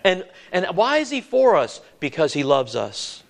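Earnest high-voiced male preacher. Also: wildly swooping pitch, a little slow, creaky. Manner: earnest, repeats words and restarts, asks the congregation questions. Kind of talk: sermon.

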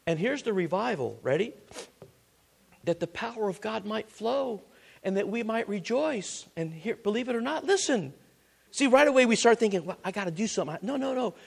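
A man preaching a sermon, repeating phrases, asking the congregation questions, and swinging from loud exhortation to a hushed near-whisper. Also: sits high, gravelly.

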